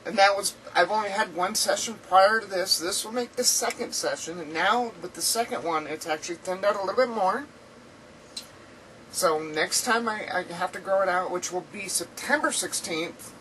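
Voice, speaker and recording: A woman's voice: mid-range voice, a bit bright, distant mic, slight background noise, poor audio. A woman chatting casually in a rambling video diary from home, laughing often, her throat dry and sore. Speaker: vlogger. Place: indoors at home.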